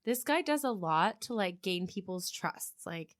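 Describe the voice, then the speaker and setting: A woman's voice: mid-range voice, expressive. Reactive woman podcast co-host. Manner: reactive, quick exclamations and gasps, valley-girl "like". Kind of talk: casual podcast chat.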